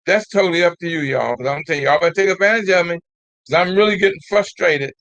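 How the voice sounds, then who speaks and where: An older man hosts a live call-in show, urging his listeners on and repeating himself as he goes. His voice sits high and sounds bright and forceful. The sound is dry and close. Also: quick pace, dry recording, poor audio. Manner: exhorting and repetitive, drawls folksy "y'all". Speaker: host of a call-in talk show. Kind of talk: casual live call-in talk.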